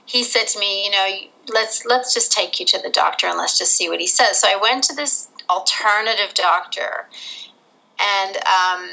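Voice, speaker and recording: Guest: middle-aged woman from Australia, candid storyteller, bright tone with gravel. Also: medium pitch, normal speed, low-quality recording. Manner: candid, animated, laughs through the hard parts. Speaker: interview guest. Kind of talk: casual storytelling.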